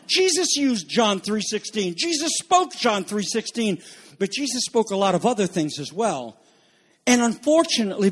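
A man with a high voice preaches with urgency. He presses his points by repeating phrases, asks his listeners questions, and drops from loud warnings to low, quiet lines. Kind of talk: sermon.

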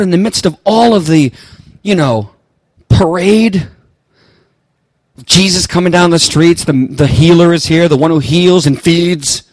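A man preaching a sermon as pastor, telling stories and swinging from quiet, low passages to impassioned, near-shouted ones. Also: animated, unhurried, no echo.

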